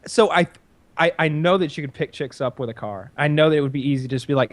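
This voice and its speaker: A man's voice: on the high side, quick pace, dry recording. A man co-hosting a podcast, rambling through a story in casual chat, with many fillers and restarts. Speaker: podcast co-host.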